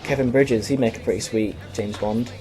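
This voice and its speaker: Guy, young, let's-play commentator, rambling and sweary, mid-pitched voice, faint music in the background. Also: fairly even intonation, normal speed. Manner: profane, rambling, self-mocking.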